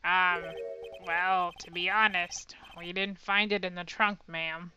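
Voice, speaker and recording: A woman's voice: lowish voice, little pitch movement, takes it slowly, pushed and bright, a little hiss or hum, voice pushed down. A woman voicing a bumbling, deferential male police detective from a video game who stammers and says ma'am and sir. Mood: flustered.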